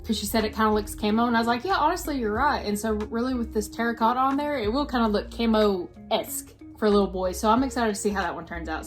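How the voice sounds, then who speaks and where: Gushing young woman vlogger, faint music. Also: fairly high pitch. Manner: excitable, gushing, chatty with frequent exclamations. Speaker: crochet vlogger. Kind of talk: casual vlog chat.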